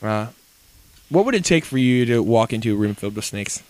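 Lively joking man, crude banter. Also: mid-range voice, brisk. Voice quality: crude, joking, laughs often. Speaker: podcast co-host. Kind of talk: casual chat.

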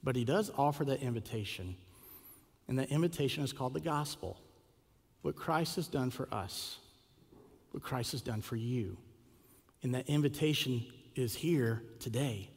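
Preacher telling a story in a reverberant church. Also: male voice, medium pitch, normal speed, long pauses, slightly rough. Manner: animated storytelling with acted quotes and rhetorical questions. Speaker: pastor. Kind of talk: sermon. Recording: long hall reverb.

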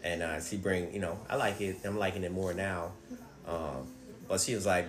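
A man telling stories in casual chat, profane and animated, acting out what people said. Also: sits low, normal speed, reverberant. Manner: profane, animated storyteller who acts out quotes.

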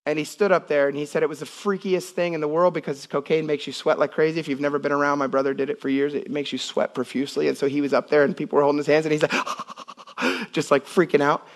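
A male pastor preaching in an animated way, his voice sitting somewhat high for a man. He builds up to loud, intense passages, then drops down to soft, quiet lines. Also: fast talker. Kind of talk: sermon. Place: church.

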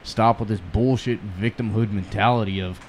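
A man's voice: fairly low pitch, steady tone, normal speed, a little hiss or hum. A man co-hosting a podcast, ranting in a blunt, profane, emphatic way. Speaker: podcast co-host. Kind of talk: casual podcast chat.

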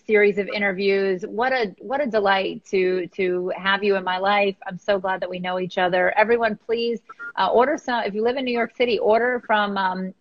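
A woman hosting an interview, enthusiastic and quick with praise. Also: medium pitch, lo-fi sound. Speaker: interview host. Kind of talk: upbeat interview.

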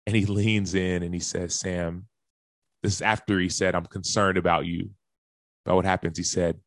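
Deep-voiced man telling a personal story. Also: little pitch movement, moderate pace, dry recording. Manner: earnest, acts out quoted lines and gasps. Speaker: professional athlete sharing his story.

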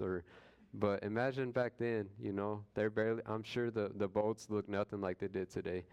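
A man's voice: lowish voice, fairly even intonation, moderate pace, darkish tone, clear, resonant tone. A man leading a casual Bible study, retelling scripture in slangy everyday words and acting out what people said. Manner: acts out quoted voices with jokes.

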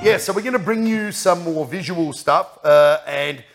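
A man's voice: fairly high pitch, moderate pace, vocal fry, loud music behind the voice. A middle-aged man hosting a casual, jokey show, rambling and laughing often. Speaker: podcast host. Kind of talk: casual banter.

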